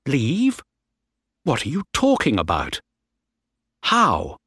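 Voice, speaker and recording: A man's voice: medium pitch, wildly swooping pitch, takes it slowly, pushed and bright, slightly rough, no room sound, clean studio sound, pitched above the performer's own voice, exaggerated voice. A man voicing a worried young sailor who earnestly pleads with his friend. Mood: alarmed. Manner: anxious, earnest.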